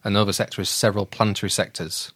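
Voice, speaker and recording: A man's voice: fairly low pitch, level tone, racing, a bit bright, breathy edge, dry recording, clean studio sound. A man hosting a casual podcast quiz, explaining answers in a teasing way. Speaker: quiz host.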